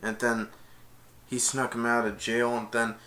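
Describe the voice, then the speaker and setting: A man's voice: medium pitch, completely flat delivery, unhurried, pushed and bright. A man casually retelling a film's plot, rambling and stringing events together with repeated "and then". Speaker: film reviewer.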